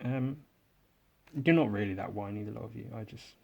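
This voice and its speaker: A man with an English accent, hosting a drawing podcast in casual, rambling chat, sarcastic and self-mocking, often trailing off quietly. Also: lowish voice, brisk, gravelly, highs cut off.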